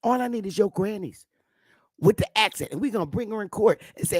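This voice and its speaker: A man with a fairly high voice reads a document aloud, then shifts into a taunting, confrontational rant. He sounds dry and close, with no room around him. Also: lively intonation, brisk, husky, dry recording. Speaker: host.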